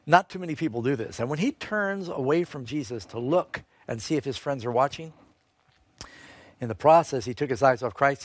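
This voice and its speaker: Animated preaching man, dry close sound. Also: dry recording. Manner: storytelling, rising sharply in pitch for emphasis. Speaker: Bible teacher. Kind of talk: sermon-style Bible lesson.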